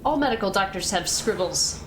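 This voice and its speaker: A woman's voice: mid-range voice, lively intonation, normal speed, noisy background. Chatty woman streaming a game. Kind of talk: casual gaming commentary.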